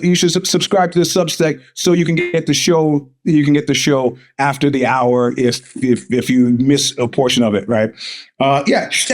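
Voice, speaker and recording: A man hosting a live podcast, delivering a profane, combative rant with frequent laughs and stammered restarts. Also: high-pitched. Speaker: podcast host. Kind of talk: live-streamed casual monologue.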